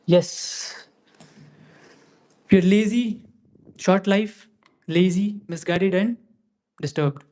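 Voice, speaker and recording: A man's voice: high-pitched, extremely slow, long pauses, a little mellow. A man giving a scripture class in a temple, talking conversationally and often restarting and repeating phrases. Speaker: class speaker.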